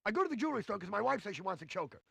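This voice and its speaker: A man's voice: high voice, big pitch swings, racing, creaky, fairly bright tone, husky, no room sound, studio quality, exaggerated voice. An actor playing a cheesy, brash stand-up comedian man in a 1990s CD-ROM comedy game, hamming up corny jokes. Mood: joke-telling. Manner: brash, hammy joke delivery. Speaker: game's recorded comedian.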